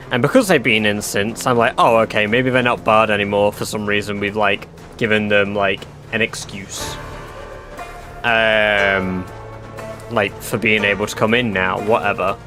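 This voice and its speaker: A young man tells a story live to his stream in loose, casual chat, stuffed with fillers and the odd swear word. His voice sits a little low but comes through bright and forceful. Faint music plays behind him. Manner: chatty, swearing, filler-heavy.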